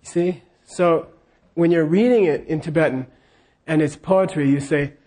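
A male teacher gives a slow, unhurried classroom lecture on scripture in a fairly high voice. He has the students repeat lines after him and keeps checking that they follow. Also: dark tone. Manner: leads call-and-response repetition.

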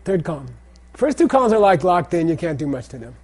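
Man, middle-aged, husky, a bit high, lecturing a class, repetitive check-ins. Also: sing-song, fast, darkish tone, soft background music. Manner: repeats phrases and checks in with "okay?". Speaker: teacher of Tibetan language and Buddhist texts.

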